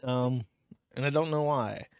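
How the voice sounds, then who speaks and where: A man's voice: medium pitch, unhurried, darkish tone, clean tone, no echo. A man hosting a stream and giving casual, wry commentary over clips. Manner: dry, wry, rambling. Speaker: show host.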